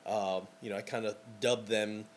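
A man's voice: lowish voice, level tone, moderate pace, a little hiss or hum. A man hosting a casual podcast as a wedding photographer, talking in an enthusiastic, rambling way with lots of fillers.

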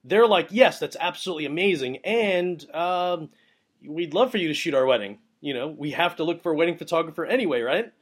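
A young adult man hosting a show, telling a rambling casual story and giving advice, with many fillers and excitable bursts. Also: a little high, a little fast. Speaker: wedding photographer, podcast host.

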